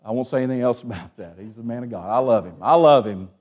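A man preaching a sermon as pastor, asking the congregation for amens and dropping from raised, urgent lines to hushed ones. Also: medium pitch, fast, highs cut off. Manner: Southern-tinged preaching with call-and-response "amen?", swings from hushed to raised.

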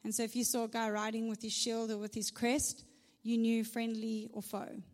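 A woman preaching in a large church hall, her somewhat high voice carrying a long reverb tail. She talks to the room in a chatty, conversational way, punctuating points with "right?" and dropping in humorous asides. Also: completely flat delivery, normal speed, darkish tone. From South Africa. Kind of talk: conversational sermon.

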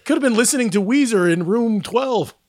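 A man's voice: extremely high pitch, animated, brisk, darkish tone, no echo, clean studio sound. A man co-hosting a podcast, telling stories in casual chat, acting out quotes and laughing often. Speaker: podcast co-host.

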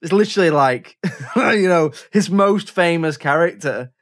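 Jokey man with a higher voice. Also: unhurried. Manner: relaxed, jokey, hesitant. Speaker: podcast co-host. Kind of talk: casual film chat.

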